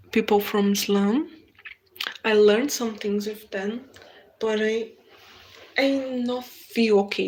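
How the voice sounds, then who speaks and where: A Brazilian woman whose first language is Portuguese, hosting a casual live stream in halting English, reading viewer comments aloud and answering them. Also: mid-range voice, slight background noise. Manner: unhurried, halting non-native English with frequent restarts.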